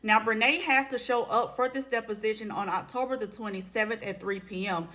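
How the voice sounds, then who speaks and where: A woman hosts drama commentary in a casual, conversational way, often sounding exasperated as she talks straight to her viewers. Her voice sits slightly high for a woman. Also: fairly even intonation, a little fast, pushed and bright. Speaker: commentary host.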